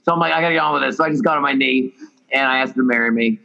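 A man telling a rambling, lively story as an interview guest, often correcting himself. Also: mid-range voice, rapid-fire, creaky. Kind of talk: casual storytelling. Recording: dull lo-fi audio.

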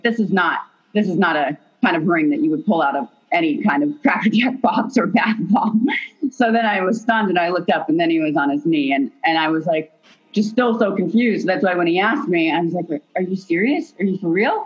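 A woman telling a story as an interview guest, animated, with many fillers and hesitations. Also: fairly low pitch, brisk, breathy edge. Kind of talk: casual storytelling. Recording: dull lo-fi audio.

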